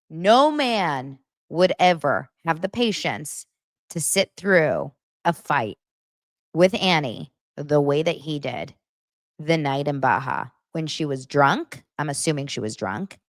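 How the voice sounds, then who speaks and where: Blunt, lively-voiced woman chatting. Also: low-pitched, dry recording, clean studio sound. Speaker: podcast host. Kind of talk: casual gossip chat.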